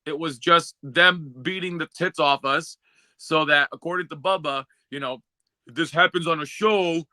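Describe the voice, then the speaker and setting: Sharp-voiced man spinning a lively tale. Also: fairly high pitch, normal speed, dry recording. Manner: lively storyteller, acts out the other people in his stories. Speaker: co-host, former wrestler. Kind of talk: casual podcast chat.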